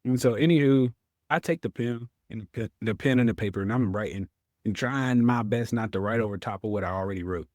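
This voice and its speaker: A man's voice: on the low side, a little fast, no room sound. Guy telling his story on a podcast, voices his old self, dry close mic. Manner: animated storyteller, acts out his own past words. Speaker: interview guest, Air Force veteran.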